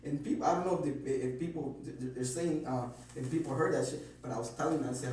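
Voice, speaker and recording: A man's voice: medium pitch, fast talker, few pauses, a little mellow. A man being questioned, nervously rambling through his account with lots of swearing and restarts. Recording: very echoey room, distant mic, faint hum.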